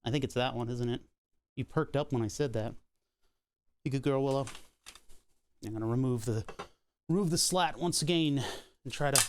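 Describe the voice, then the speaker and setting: A man streaming from his workshop in casual chat, talking to his puppy in a high sing-song baby voice and laughing often. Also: moderate pace, long pauses.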